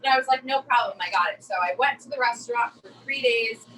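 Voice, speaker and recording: A woman chef from New Jersey in her thirties, telling a story in a chatty, animated way during a virtual cooking class. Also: fairly high pitch, fast talker, distant mic, noisy background.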